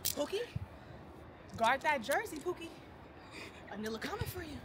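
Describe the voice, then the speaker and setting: A woman's voice: high voice, big pitch swings, moderate pace, very noisy. A woman vlogging a stadium tour, chatting casually, laughing and doing playful trash talk. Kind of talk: casual playful vlog chat. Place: in a large open stadium. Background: music playing.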